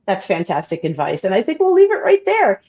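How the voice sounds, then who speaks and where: A woman hosts a science livestream interview in a mid-range voice with huge pitch swings and a slightly fast pace. She asks questions and thanks her audience enthusiastically, dropping in warm interjections. The audio sounds dull and muffled.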